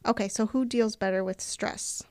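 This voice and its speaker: A woman's voice: mid-range voice, fairly even intonation, moderate pace, darkish tone, dry recording. Woman co-host, dry close mic, chatty, asks the questions. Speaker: podcast co-host. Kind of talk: casual chat.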